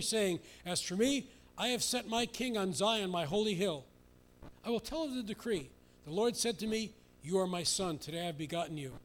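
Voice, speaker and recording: A male pastor preaching an expository sermon, emphatic, with mocking asides and sudden loud outbursts. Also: high voice, a little hiss or hum.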